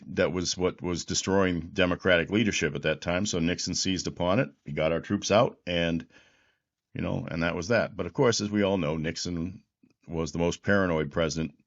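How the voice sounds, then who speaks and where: This host is a man in his sixties whose voice sits low, captured with lo-fi audio. He muses on politics with a reflective, history-minded bent, rambling through restarts and repeated words.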